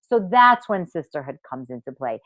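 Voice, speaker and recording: A deep-voiced woman coach runs a live online masterclass for women at a moderate pace, extremely animated and a bit bright in tone. She gushes theatrically, stresses every point and curses freely, with no room sound in the recording.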